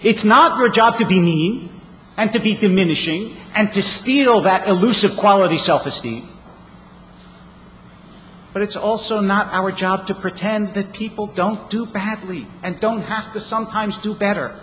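A man's voice: sits high, moderate pace, fairly bright tone, a little hiss or hum. A man giving a sermon as a rabbi, telling stories with wry humor. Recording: reverberant hall, faint ambience.

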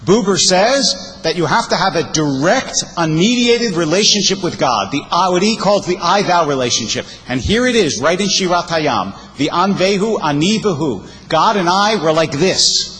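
A male rabbi preaches with a high, animated voice that rises and falls as he leans into key words. He recites verse with feeling and explains it warmly to his congregation. His voice rings out with a long reverb, as if in a large sanctuary. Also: moderate pace, hardly any pauses, soft background music. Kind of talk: sermon.

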